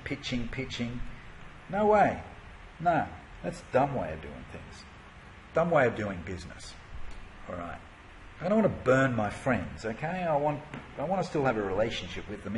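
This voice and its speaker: A man's voice: mid-range voice, slight background noise, poor audio. Chatty male marketing coach. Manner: conversational, rhetorical questions, frequent fillers. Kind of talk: online course lesson.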